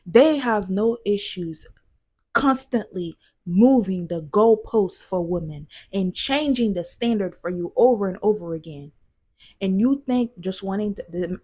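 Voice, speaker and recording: Woman vlogger, husky voice, passionate and emphatic, dips into near whispers. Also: medium pitch, a little mellow. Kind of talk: casual commentary to camera.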